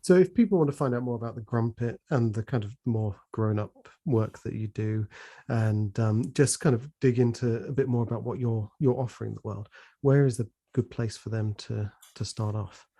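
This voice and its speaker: A man's voice: mid-range voice, normal speed, warm tone. A man hosting a podcast, talking casually and hesitantly with many fillers. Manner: hesitant, many ums and restarts. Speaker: podcast host.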